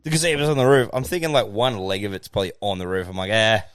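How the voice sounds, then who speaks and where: A man throwing loud, jokey interjections into a casual chat. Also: lowish voice, steady tone, quick pace, clear, resonant tone, no echo, clean studio sound. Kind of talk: casual banter.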